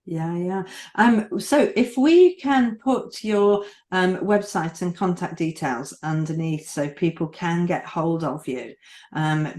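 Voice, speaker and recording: Low-voiced woman host, echoey room. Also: warm tone. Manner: affirming, encouraging. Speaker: podcast host. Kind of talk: interview hosting.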